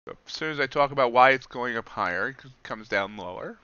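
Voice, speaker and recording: A man's voice: mid-range voice, expressive, a little fast, pushed and bright, smooth, no echo, lo-fi sound. A man commenting on live futures trading, thinking aloud and chatting with viewers on a stream. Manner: reads news aloud in an announcer tone. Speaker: livestream trader.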